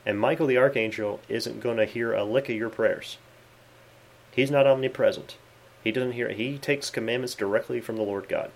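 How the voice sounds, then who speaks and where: A man's voice: fairly low pitch, creaky, a little mellow. A man at his desk giving an earnest, conversational Bible teaching for his video channel, quoting scripture and using frequent fillers. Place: at his desk in a study with bookshelves.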